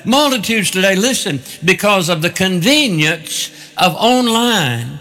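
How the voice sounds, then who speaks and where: A man's voice: high-pitched, expressive, normal speed, hardly any pauses, sharp tone, long reverb tail. A man preaching a sermon with emphatic, repeated phrases.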